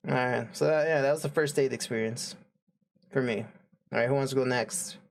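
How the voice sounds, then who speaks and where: A man's voice: mid-range voice, creaky. A young man casually telling a story on a podcast, rambling with lots of fillers and laughing often. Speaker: podcast co-host.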